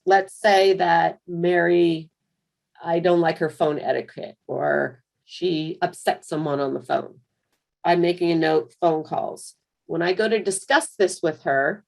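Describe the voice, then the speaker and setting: A woman giving a conversational screen-share software tutorial for managers, full of fillers and restarts. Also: on the low side, vocal fry. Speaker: software trainer.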